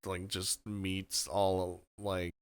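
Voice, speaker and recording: A young man co-hosting a casual podcast chat, enthusiastic and quick to laugh. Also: sits low, flat delivery, clear, resonant tone, dry recording, clean studio sound. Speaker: podcast co-host.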